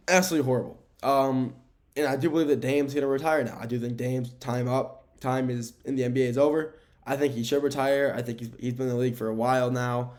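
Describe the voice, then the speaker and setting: Man, solo sports podcast host, mid pitch, casual and rambling, self-correcting, recorded indoors. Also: darkish tone. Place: indoor room with window blinds.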